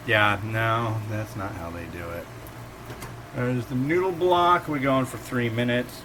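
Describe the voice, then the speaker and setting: Bright-toned man in his forties, casual rambling host, soft hum behind. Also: medium pitch, unhurried. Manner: rambling and digressive, acts out quotes. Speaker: instant noodle reviewer and host. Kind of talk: casual chatty cooking vlog.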